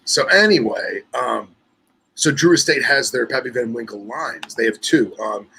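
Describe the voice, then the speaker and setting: A man co-hosting a podcast, chatting in a relaxed, self-mocking way. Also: mid-range voice, normal speed, gravelly, crowd noise, low-quality recording. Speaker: podcast co-host. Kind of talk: casual chat.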